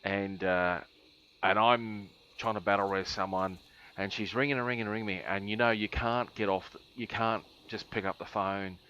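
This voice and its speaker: A man's voice: lowish voice, fairly even intonation, moderate pace, sharp tone, highs cut off, a little hiss or hum. A man streaming a game, telling a long rambling story with laughs and many ums.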